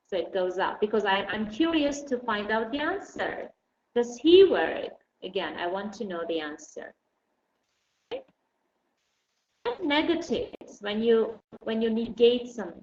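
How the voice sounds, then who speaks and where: Slow, patient woman teaching English. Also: on the high side, big pitch swings, darkish tone. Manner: patient, explains slowly with many fillers. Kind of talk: online class lesson. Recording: dull roomy recording, faint noise.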